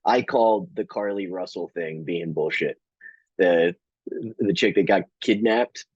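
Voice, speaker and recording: A man's voice: low voice, unhurried, breathy edge, no room sound, highs cut off. A man hosting a comedy podcast, telling stories casually with rambling, stammering restarts and swearing.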